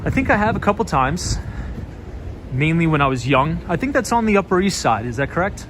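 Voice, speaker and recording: A man hosting a relaxed live stream as he walks through busy city streets, talking in a fairly high voice. He chats and answers viewer comments in an easygoing way. Steady street traffic noise sits clearly behind his voice. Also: a little fast. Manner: chatty, reads viewer comments aloud and answers them. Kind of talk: casual live-stream chat.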